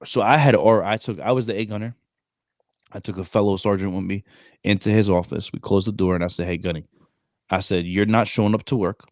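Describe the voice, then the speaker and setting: Podcast co-host, man in his thirties, low voice, close dry mic, animated storyteller heavy on slang. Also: a little fast, dry recording. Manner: animated, streetwise slang, frequent "bro". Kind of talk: casual storytelling chat.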